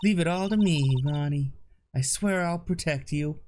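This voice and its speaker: A man's voice: a little high, normal speed, darkish tone, slight background noise, close to an everyday voice. A man voicing a doting girlfriend in a put-on American Southern accent, with sugary endearments.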